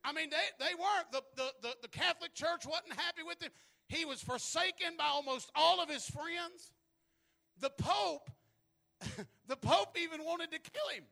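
Male preacher, high bright voice, storytelling that swells into shouted preaching. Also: animated, normal speed, creaky. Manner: repeats words when starting phrases. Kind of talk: sermon.

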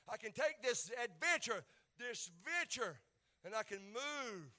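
A middle-aged man with an Appalachian accent preaching a sermon in a folksy way, dropping to quiet asides and building up to shouted peaks. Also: very high-pitched, sing-song, a little slow. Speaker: pastor.

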